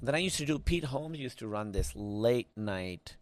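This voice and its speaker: A man's voice: medium pitch, expressive, normal speed. Rambling male comedian guest. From Pakistan. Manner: rambling storytelling with restarts and fillers. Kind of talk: casual podcast interview.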